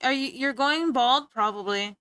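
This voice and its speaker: A woman's voice: high-pitched, measured pace, sharp tone, smooth, dry recording, clean studio sound. A young woman streamer chatting playfully with her viewers, teasing and giggling as she talks. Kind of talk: casual chat with stream viewers.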